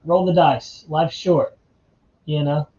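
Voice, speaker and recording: A man's voice: a little high, fairly even intonation, takes it slowly, warm tone, reverberant, lo-fi sound. A man from North Carolina, hosting a casual live chat, laid-back and chatty and calling his viewers man and dude. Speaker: livestream host.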